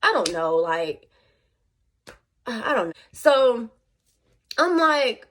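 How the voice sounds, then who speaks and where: A young woman telling a storytime on her vlog in casual slang, animated and chatty with her viewers. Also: a little high, takes it slowly. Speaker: vlogger.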